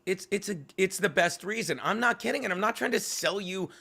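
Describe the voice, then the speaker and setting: A man's voice: high voice, creaky, husky. A male comedian telling rambling, profane stories in an interview. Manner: fast, swearing, animated storytelling. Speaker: comedian guest.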